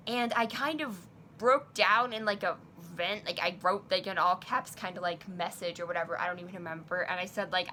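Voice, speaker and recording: A woman's voice: a little high, normal speed, sharp tone, a little hiss or hum. A young woman vlogger telling a personal story in a casual, chatty way, full of fillers, acting out both sides of a chat. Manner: chatty, many fillers, quotes herself and others.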